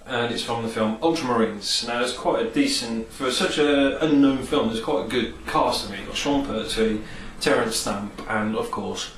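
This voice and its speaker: Guy rambling excitedly about movie scenes, roomy echo, sits back from the mic. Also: mid-range voice, normal speed, hardly any pauses, distant mic. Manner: rambling, enthusiastic, many fillers. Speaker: vlogger. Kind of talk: casual film and game review. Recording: echoey room, off-mic, faint hiss.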